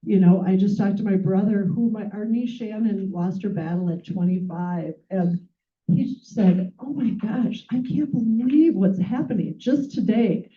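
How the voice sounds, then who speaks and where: A woman gives a gushing farewell speech, stumbling and restarting as she goes. Her voice sits at an ordinary middle pitch. It reaches the mic from a distance, thin and tinny like a phone line. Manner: emotional, halting, gushing. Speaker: departing nonprofit chapter staff member. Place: event room with audience.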